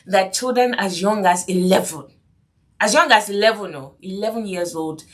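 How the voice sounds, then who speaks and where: Mid-range in pitch and speaking at a normal speed, this podcast host talks about parenting from a faith perspective. She's earnest, keeps repeating key phrases, and frequently asks listeners "do you see what I mean?"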